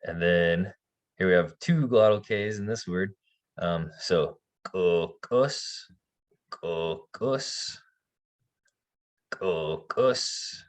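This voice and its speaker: A man leads a language lesson in a very low voice. He speaks unhurriedly and relaxed, patiently demonstrating sounds one by one, with an easy, informal manner. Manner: relaxed, demonstrates sounds slowly with soft laughs. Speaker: language teacher.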